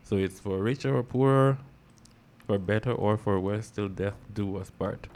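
A man's voice: on the low side, moderate pace, darkish tone. A man co-hosting a talk show, easygoing and often laughing. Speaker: co-host. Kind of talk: casual talk show chat.

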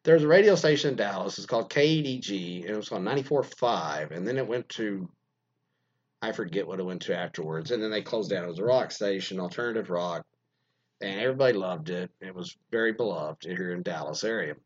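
A man's voice: deep voice, a little fast, lo-fi sound. A man hosting a podcast, chatting casually in a crude, joking, meandering way with lots of fillers. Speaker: podcast host reading listener stories. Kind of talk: casual rambling chat.

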